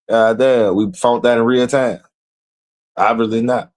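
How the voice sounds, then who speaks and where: A man's voice: mid-range voice, fairly even intonation, takes it slowly, darkish tone. A man hosting a streamed show, reading out messages and mocking them in a profane, incredulous commentary. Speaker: show host.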